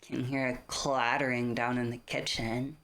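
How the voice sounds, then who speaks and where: A streamer runs a tabletop horror game as game master, narrating the scene casually, swearing freely and pausing to thank viewers. The voice is mid-range and fairly bright, with little pitch movement and an unhurried pace.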